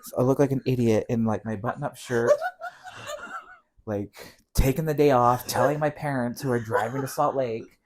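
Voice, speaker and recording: A man's voice: medium pitch, moderate pace, heavy background noise. A middle-aged man as a podcast guest, telling a story in casual chat, acting out dialogue and laughing between lines.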